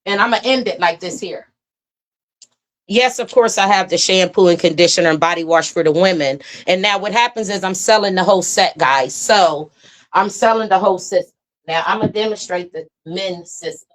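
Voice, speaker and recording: Woman, fairly low voice, enthusiastic, folksy, casual product demo. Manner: enthusiastic, folksy, with drawn-out oohs. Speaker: product seller demonstrating her own line.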